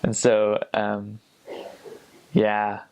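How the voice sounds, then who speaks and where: A young man with a lowish voice telling stories from his time abroad, wandering through thoughts with lots of "like" and "um". He talks in a casual way and trails off and restarts often. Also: monotone, drawn-out words, creaky, darkish tone. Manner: rambling, many fillers and restarts, imitates accents. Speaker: returned missionary. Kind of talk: casual storytelling.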